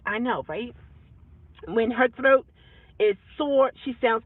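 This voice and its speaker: Animated woman vlogging over a tinny line. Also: a little high, unhurried, long pauses, no echo. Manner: animated, rambling storyteller with many repeats. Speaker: rideshare driver vlogger. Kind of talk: casual monologue. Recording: tinny phone-like dry sound.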